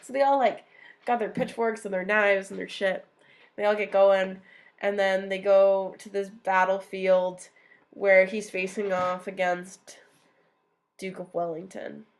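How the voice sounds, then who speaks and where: A young woman co-hosting a podcast, telling history in a casual, animated way, swearing freely. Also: mid-range voice, a little slow. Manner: animated storyteller who swears and acts out quotes. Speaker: podcast co-host.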